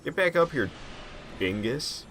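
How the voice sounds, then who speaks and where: A man giving casual, excitable commentary while playing a video game, slangy and quick to mock himself. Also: a little high, faint music behind. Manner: excitable, self-mocking, slangy. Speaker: gaming commentator.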